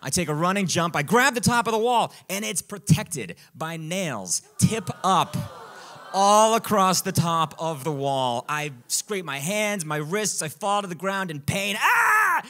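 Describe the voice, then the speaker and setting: A man performing a comic true story at a live storytelling show. His voice sits a touch high and sounds bright and forceful. The delivery is animated and self-mocking, with lots of rise and fall. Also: a little slow.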